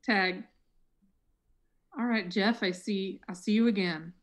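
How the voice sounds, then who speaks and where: A woman plays a smug, mocking tech billionaire who brags nonstop. She puts on a South African accent over a mid-pitched voice, in an online improv show. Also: steady tone, slow pace, natural voice. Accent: put-on South African. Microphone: computer mic on a video call.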